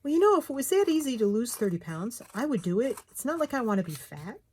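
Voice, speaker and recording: A woman's voice: a little high, very animated, fast talker, darkish tone, slightly rough. A middle-aged woman chatting casually while she crafts, muttering to herself as she works.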